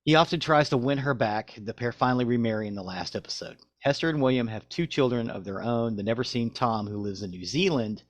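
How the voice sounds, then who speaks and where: A podcast co-host reads facts aloud from his show notes, then slides into loose, casual chat. His medium-pitched voice is brisk with few pauses, and there's no echo.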